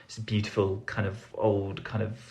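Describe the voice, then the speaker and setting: Chatty young man, lowish voice. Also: completely flat delivery, moderate pace, a little mellow. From England. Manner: rambling, self-deprecating, lots of fillers and restarts. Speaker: podcast guest, foreign correspondent. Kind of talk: casual storytelling interview.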